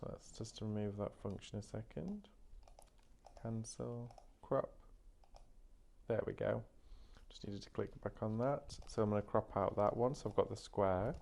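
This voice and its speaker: Male craft presenter, lower register, friendly step-by-step explaining. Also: vocal fry, a little mellow. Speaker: craft demonstrator. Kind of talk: live shopping craft demo.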